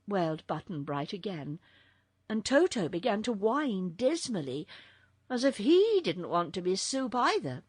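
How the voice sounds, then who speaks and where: A woman narrating a children's audiobook in a very expressive storytelling voice. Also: on the low side, a little slow, slightly rough, no echo, clean studio sound.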